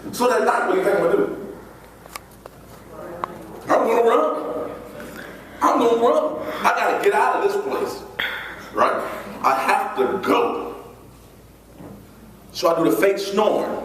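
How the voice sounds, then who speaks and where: A high, lively male voice tells a childhood story to an audience, jumping into squeaky voices as he acts out each scene. The sound is distant and echoey, as if picked up from far away in a big hall. A faint room hum sits underneath. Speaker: motivational speaker. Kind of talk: storytelling keynote speech.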